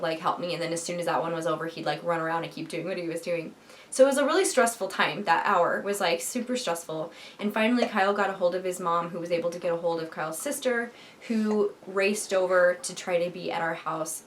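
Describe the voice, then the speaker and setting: A woman's voice: fairly low pitch, a bit bright, slight background noise. A young woman casually telling the story of giving birth, rambling with lots of fillers and restarts. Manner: rambling, many fillers and restarts, emotional retelling.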